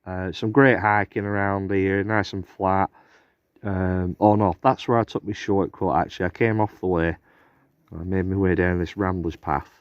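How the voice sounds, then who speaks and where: A man's voice: sits low, steady tone, moderate pace, clear, resonant tone, no room sound, highs cut off. A man, chatting casually and rambling as he vlogs his hike outdoors on a handheld camera. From England. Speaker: hiker vlogger. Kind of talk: casual outdoor vlog narration. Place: outdoors on a hiking trail and campsite.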